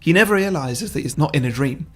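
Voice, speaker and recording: A man in a casual podcast chat, telling his pitches in a laid-back way with frequent laughs. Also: expressive, fast, a bit bright, breathy edge, faint music behind. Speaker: podcast co-host.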